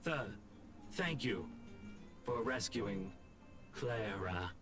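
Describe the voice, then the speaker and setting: A small malfunctioning robot from a video game. It stammers slowly and repeats its words, with the pitch jumping around. Game music plays clearly behind it. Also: animated. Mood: glitchy.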